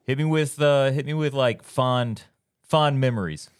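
Joking podcast co-host asking questions. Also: male voice, mid-range voice, a little slow, clear, resonant tone, no room sound, studio quality. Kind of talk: casual chat.

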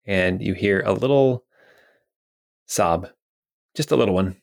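Low-voiced man running a tabletop game. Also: a little slow, creaky. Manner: rambling, many fillers and restarts. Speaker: game master.

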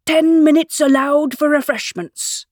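A woman playing a fussy old storybook king, impatient and bossy, his voice lifted high and swinging about. The reading sounds close and dry. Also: sing-song, normal speed, a little mellow, dry recording. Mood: commanding. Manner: impatient, commanding.

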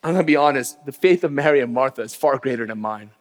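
A man preaching a sermon as pastor, earnest, sinking to a hushed low voice on grief and rising sharply for emphasis. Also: animated, quick pace, big-room sound.

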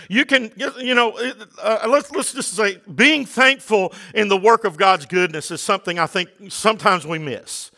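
A man preaching a sermon to his congregation, talking casually with the room and rising to loud, fervent exhortation. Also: high-pitched. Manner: conversational preaching that builds to shouted exhortation. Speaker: pastor.

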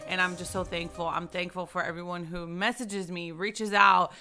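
A woman in her thirties hosting a casual, heartfelt Christian talk show, lively and laughing often, speaking into a microphone. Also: on the low side, moderate pace, soft background music. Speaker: host of a Christian ministry video show. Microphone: microphone in front of her.

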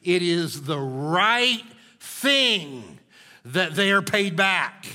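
A male pastor preaches with emphatic, animated delivery, often checking in with the room. His fairly high voice is bright and forceful. A long reverb of a church sanctuary trails his words. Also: very slow. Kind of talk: sermon.

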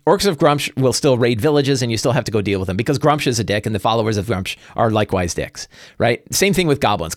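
A man's voice: medium pitch, no room sound, clean studio sound. A middle-aged man hosting a casual solo talk show, ranting and tagging lines with "right?". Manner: animated, peppers lines with "right?". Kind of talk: solo casual rant about tabletop games.

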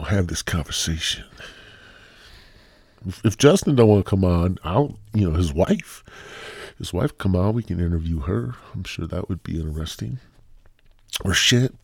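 A man hosts a podcast in a loose, profane, jokey ramble. His low, husky voice swings widely in pitch. The recording is dry and close. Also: darkish tone, no echo. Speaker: podcast host. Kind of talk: casual rambling monologue.

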